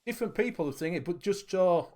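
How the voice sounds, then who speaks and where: A man's voice: high voice, expressive, quick pace, dark tone. Chatty male host. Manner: rambling, chatty, laughs often. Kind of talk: casual livestream chat. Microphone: video call.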